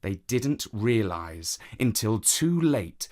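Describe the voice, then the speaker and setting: Male storyteller, unhurried, lively pitch, reading a kids' tale. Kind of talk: children's story narration.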